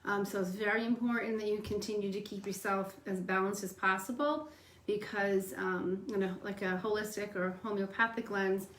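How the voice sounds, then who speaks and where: A woman's voice: mid-range voice, steady tone, moderate pace. Woman co-host in a roomy space. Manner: earnest, advice-giving, loose phrasing. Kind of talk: casual chat.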